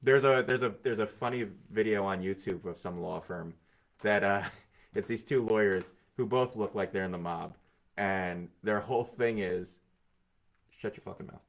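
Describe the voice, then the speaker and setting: A man appearing as a guest on a comedy podcast, riffing quickly in casual chat and acting out quotes as he goes. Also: on the low side.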